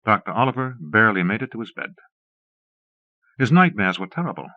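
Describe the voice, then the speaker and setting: A man with a low voice reads a story aloud steadily and in measured phrases. The recording comes from a dull old cassette and sounds close and dry. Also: sing-song, dry recording. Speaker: audiobook narrator. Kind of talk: audiobook narration.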